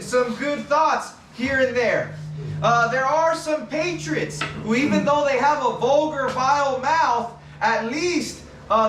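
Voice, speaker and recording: A man with a very high voice preaches on the street, reading out verses and leaning hard on the key words. He sounds distant from the mic, with a roomy echo around him. Faint ambient noise sits behind his voice. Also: fairly bright tone. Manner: emphatic, stresses key words while reading scripture. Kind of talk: open-air preaching. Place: outdoors.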